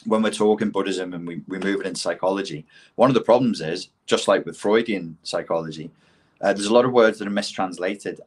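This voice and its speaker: A man from Liverpool talking casually on a livestream Q&A about philosophy, rambling and emphatic with the odd swear word. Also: lowish voice. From Liverpool, England. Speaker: online philosophy and self-help talker.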